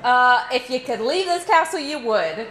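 Giggly young woman with lively voice. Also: sits high, moderate pace. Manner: giggly, teasing, explains the game. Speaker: co-host showing a game. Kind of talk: casual gaming commentary. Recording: roomy room with noise.

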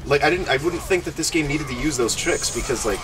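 A man's voice: on the high side, fast, recorded from a distance, noisy background. A man co-hosting a gameplay podcast, talking casually in a rambling, jokey way full of fillers. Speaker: gaming podcast co-host.

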